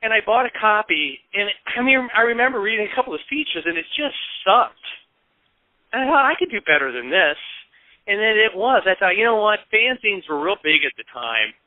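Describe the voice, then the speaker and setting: A man in his fifties from the American Midwest spins lively anecdotes as a talk show guest, slipping into the voices of the people he quotes. His voice sits a bit high for a man. It comes through thin and phone-like, with a dry, close sound and no room. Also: fairly quick, no echo. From Peoria, Illinois, US. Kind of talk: casual storytelling interview.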